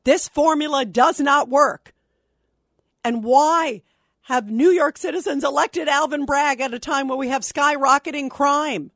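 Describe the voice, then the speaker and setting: A woman's voice: sits high, a little slow, a bit bright, no echo. A woman hosting a call-in talk radio show, speaking in an impassioned, outraged and emphatic way into a studio microphone. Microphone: studio microphone, dry.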